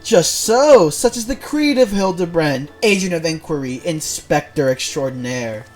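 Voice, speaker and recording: A man's voice: a little high, animated, moderate pace, darkish tone, soft background music, natural voice. Hildebrand, a man hamming up a pompous inspector. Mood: bombastic. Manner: bombastic, declamatory. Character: pompous theatrical male inspector, grandiose.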